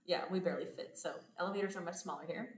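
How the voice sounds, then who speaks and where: A woman's voice: on the low side, rapid-fire. Chatty woman in an echoey room. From United States. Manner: chatty storytelling, laughs often. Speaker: podcast host. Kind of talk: casual chat. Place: home abroad, indoors.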